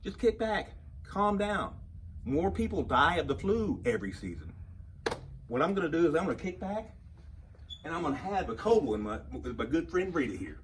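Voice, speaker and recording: A man who owns a shop, giving a joking update to customers in a wisecracking monologue that swings from calm to loud and excited. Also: fairly high pitch, normal speed, slight background noise. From United States. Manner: wisecracking, grows loud and excited then settles back down.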